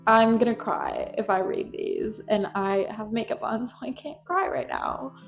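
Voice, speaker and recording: Casting note: young female YouTuber, chatty and animated, in a roomy space with faint music underneath. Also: on the high side, unhurried, gravelly. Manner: gossipy, animated, many "like"s. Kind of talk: casual commentary video. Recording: echoey room, faint music.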